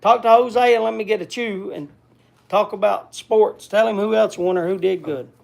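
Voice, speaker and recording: Casual livestream host, man, high-pitched and very gravelly, rambling chatter full of restarts. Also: normal speed. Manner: rambling, restarts often, talks to his pet and viewers.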